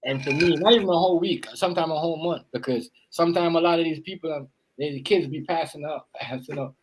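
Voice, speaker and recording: A man's voice: on the high side, quick pace, a little hiss or hum, poor audio. A man hosting a podcast in casual chat, talking loosely and repeating his phrases. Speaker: podcast host.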